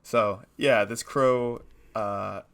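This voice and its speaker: Gravelly low-voiced man chatting casually. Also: steady tone, very slow, a bit bright. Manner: rambling, laughs often, acts out animal voices. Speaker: podcast co-host. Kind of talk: casual chat.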